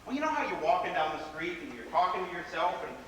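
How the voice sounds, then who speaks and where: A man's voice: high-pitched, big pitch swings, fast talker, fairly bright tone. An actor playing a whimsical, rebellious grown man, telling stories with theatrical, playful flourishes in a live stage play. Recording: echoey theater hall from far off, faint noise.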